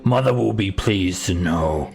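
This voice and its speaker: Man voicing a booming, menacing stone giant. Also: creaky, darkish tone, faint music behind. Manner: slow, booming, threatening.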